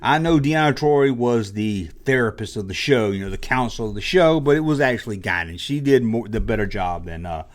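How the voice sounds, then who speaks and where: A man hosting a commentary vlog who rants with exasperated sarcasm. His pitch swings widely as he talks. He sits at a middling pitch for a man. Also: lively intonation, a little fast, hardly any pauses. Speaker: channel host.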